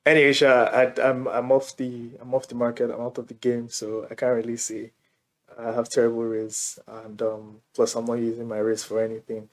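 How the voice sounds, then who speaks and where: A man's voice: medium pitch, monotone, normal speed. A man hosting a reaction video, giving laid-back casual commentary and chuckling between remarks.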